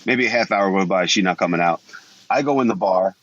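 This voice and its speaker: A man's voice: low voice, fairly quick, a bit bright, muffled recording. A man in his forties, a former wrestler guesting on a podcast, telling blunt, profanity-laced stories in a rambling, casual way. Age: 40s. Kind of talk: casual storytelling interview.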